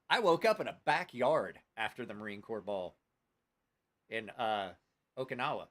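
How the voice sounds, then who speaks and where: A man's voice: mid-range voice, huge pitch swings, measured pace, a bit bright. A man hosting a casual live stream and telling rowdy, profane stories, acting out everyone's lines. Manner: rowdy storyteller, swearing, acting out quotes. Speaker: host.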